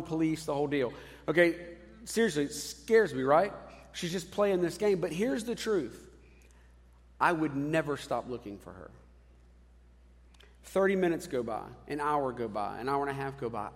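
Man preaching in an echoing hall. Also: a little high. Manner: conversational, animated with asides. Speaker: pastor. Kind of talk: sermon.

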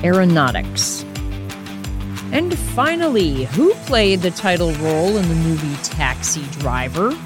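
A woman's voice: lowish voice, very animated, measured pace, over music. A woman hosting a casual quiz podcast, chatting straight to the listener. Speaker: podcast host.

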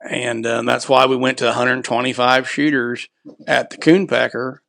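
A man's voice: medium pitch, level tone, normal speed, creaky, fairly bright tone, no echo. Blunt, profane man on a podcast. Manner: blunt, profane, rambling with many "you know" fillers. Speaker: podcast guest, clay shoot organizer. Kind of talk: casual podcast conversation.

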